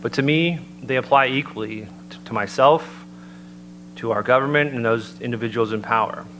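A man giving an earnest, measured sermon-style talk and citing scripture as he builds his points. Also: medium pitch, fairly bright tone, rough recording. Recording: noticeable background hum.

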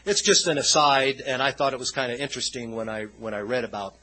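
Male preacher, husky tone with a bright, forceful edge; chatty, rambling sermon delivery. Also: medium pitch, fast, poor audio. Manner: conversational, loose and rambling. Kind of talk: informal sermon.

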